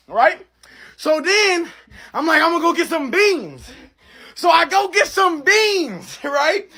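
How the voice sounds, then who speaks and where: A man's voice: extremely high pitch, sing-song, slow pace, pushed and bright. A young man ranting furiously to camera, cursing and close to tears. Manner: furious, cursing, near-crying rant. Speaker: TikTok creator. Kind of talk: comedic rant to camera.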